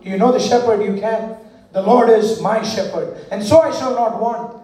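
High-voiced man preaching in an echoey hall. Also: normal speed, warm tone, far from the mic. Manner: preaching with call-and-response and storytelling. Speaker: pastor. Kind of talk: sermon. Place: large church hall. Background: congregation responding.

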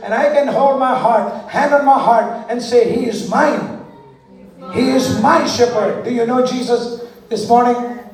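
A man preaching a sermon with a very high voice, weaving stories and call-and-response into his message. His voice rings through a big echoey hall and is picked up from some distance away from the mic. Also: darkish tone. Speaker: pastor. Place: large church hall. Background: congregation responding.

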